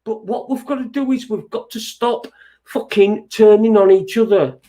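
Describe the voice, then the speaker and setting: A man's voice: high voice, moderate pace, mellow. A man hosting an internet radio show, ranting in a sweary, agitated, rambling way with many restarts. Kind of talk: ranting monologue.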